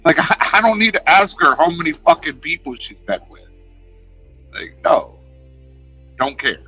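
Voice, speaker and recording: A man's voice: a little high, sing-song, a little slow, long pauses, sharp tone, breathy edge, dry recording, soft background music, rough recording. A man ranting to his chat on a livestream, profane, confrontational and sarcastic. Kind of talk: casual livestream rant.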